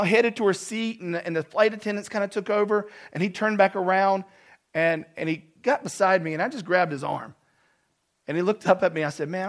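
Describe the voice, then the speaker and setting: A man preaching a sermon as a pastor, telling a personal story in a conversational way with self-deprecating humor, dropping to a soft voice for tender moments. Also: sits high.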